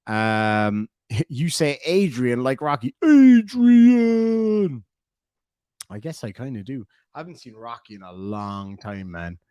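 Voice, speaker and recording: A man's voice: fairly low pitch, measured pace, dry recording, studio quality. A man with an Irish accent hosting a casual livestream, reading viewer comments aloud and rambling with lots of fillers. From Ireland. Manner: rambling, chatty, many fillers. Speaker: livestream host.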